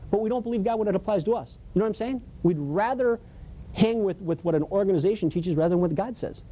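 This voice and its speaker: Preacher, male, high mellow voice, casual and emphatic sermon delivery. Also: a little hiss or hum. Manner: storytelling, emphatic, colloquial, laughs often. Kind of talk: conversational sermon.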